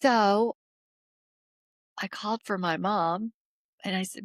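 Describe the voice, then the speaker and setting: A middle-aged woman appears as an interview guest, sharing a personal story earnestly and haltingly, sinking to a whisper at the most difficult moments. Her voice is mid-range, and the studio sound is clean with no room sound.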